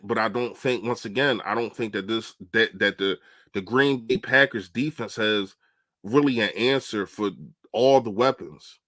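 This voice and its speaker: Man, young adult, casual livestream football talk, animated, answers chat, dry sound. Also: mid-range voice, no echo. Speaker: livestream host.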